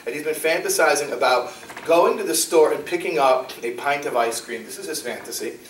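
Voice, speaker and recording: A man giving a talk as a rabbi, telling stories with animated acted-out dialogue. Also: brisk, slight background noise. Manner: animated, acts out dialogue with shifting pitch. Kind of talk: lively storytelling lecture. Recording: roomy, distant mic in a hall.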